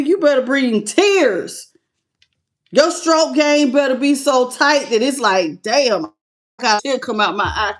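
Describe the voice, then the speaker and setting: A woman giving a live tarot reading, talking bluntly and sassily and calling her viewers baby and honey. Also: on the high side. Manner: greets live chat viewers by name. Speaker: tarot reader.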